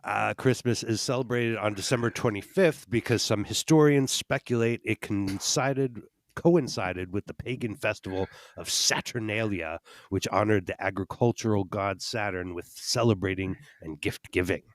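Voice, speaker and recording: A man's voice: on the low side, moderate pace. A man co-hosting a podcast, reading out trivia in a matter-of-fact way. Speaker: podcast co-host. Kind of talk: casual podcast banter.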